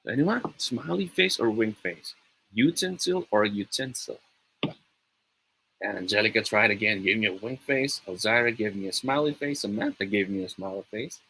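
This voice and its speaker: A young Filipino man runs a lively online pronunciation class, upbeat and encouraging, sometimes slipping into Tagalog. His voice sits fairly low, yet it comes across bright and a touch husky. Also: fairly quick, few pauses, poor audio. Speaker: online tutor. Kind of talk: live online pronunciation lesson.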